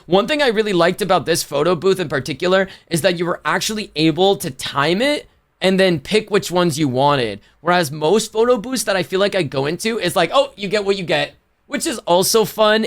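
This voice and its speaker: A man's voice: high voice, a bit bright. A man livestreaming, chatting casually to his viewers in a rambling, slangy way that keeps correcting itself. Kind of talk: casual chat to a stream chat.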